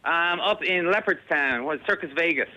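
A man's voice: on the high side, moderate pace, bright, forceful tone, low-quality recording. An Irish man in his forties calling in to a radio chat, talking in a precise, particular way about how words should be said. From Ireland. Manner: precise, fussy about pronunciation. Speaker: caller. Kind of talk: casual chat. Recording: radio call.

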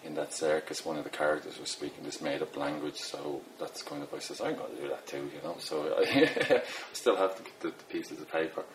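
A man's voice: extremely low pitch, brisk, few pauses, a little hiss or hum, rough recording. A middle-aged Irish man with a Dublin accent, a poet chatting in a rambling, self-deprecating way with lots of fillers. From Ireland. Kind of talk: casual interview talk.

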